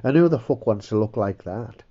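Male podcast host; crude, rambling, self-mocking comic, dark tone. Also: on the low side, animated, moderate pace, lo-fi sound. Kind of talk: casual comedy chat.

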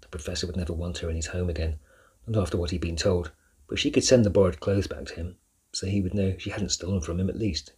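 A man narrating a children's novel chapter by chapter in a measured, steady reading. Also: sits low, breathy edge. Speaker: audiobook narrator. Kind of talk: scripted storybook narration.

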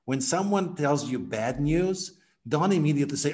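A man on a podcast explaining sales messaging, energetic and acting out sample conversations. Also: a little high, moderate pace. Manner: energetic, acts out example dialogues. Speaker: guest, sales coach. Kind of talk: podcast interview.

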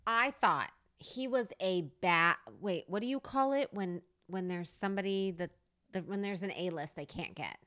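Female podcast co-host, excitable and teasing, bright tone. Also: medium pitch, moderate pace. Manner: playful, excitable, rambling. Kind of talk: casual movie podcast chat.

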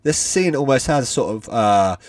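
A man's voice: mid-range voice, expressive, moderate pace, no echo. A man co-hosting a podcast, chatting in a wry, playful way and reading a silly story aloud with mock drama. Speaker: podcast co-host. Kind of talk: casual chat and reading aloud.

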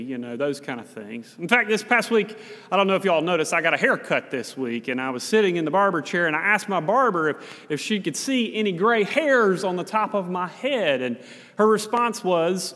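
Man, pastor, high voice, folksy sermon, long church reverb. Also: expressive, normal speed, pushed and bright. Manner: conversational, folksy storytelling with occasional restarts. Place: church sanctuary.

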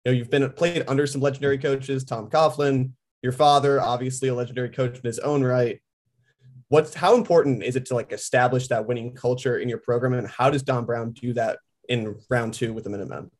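A man's voice: mid-range voice, steady tone, a little fast, a little mellow. Male sports radio co-host asking questions. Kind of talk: interview question.

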